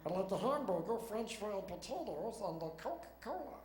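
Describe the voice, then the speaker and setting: A boy affecting a stiff, pompous grown-up voice, as a man puts it on. He drawls each word slowly with a lively, swooping pitch, heard in a roomy stage space with some audience noise behind. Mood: mock-formal. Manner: mock-formal, drawn-out, lively pitch. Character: childhood self talking in a deep pompous adult voice.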